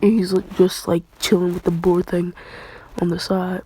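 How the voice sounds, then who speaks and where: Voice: mid-range voice, monotone, moderate pace, mellow, slight background noise. A young adult with a congested voice, rambling through an improvised fan story in slangy casual talk. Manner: rambling, slangy, often breaking into laughter.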